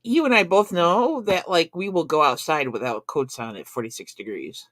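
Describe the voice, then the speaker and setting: A woman's voice: sits low, normal speed, dry recording. Dry-humored woman co-host. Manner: relaxed and dry, sarcastic at times. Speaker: co-host of a live chat stream. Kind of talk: casual chat.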